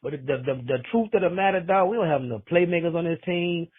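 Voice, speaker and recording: A man with a high-sitting voice talks fast while leaving a voicemail, the sound thin and tinny through the phone. His casual message wanders, packed with slang and joking around.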